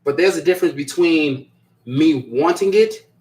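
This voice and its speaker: Rambling, laughing man with a higher voice. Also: normal speed, a little mellow, low-quality recording. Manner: rambling, repeats phrases, laughs often. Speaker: host of a live stream show. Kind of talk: casual live-stream chat reading viewer comments.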